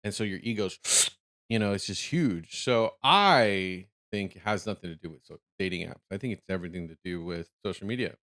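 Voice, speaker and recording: A man's voice: low-pitched, moderate pace, sharp tone. A man hosting a reaction video, rambling through his thoughts with lots of restarts and easy laughter. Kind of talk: casual reaction commentary.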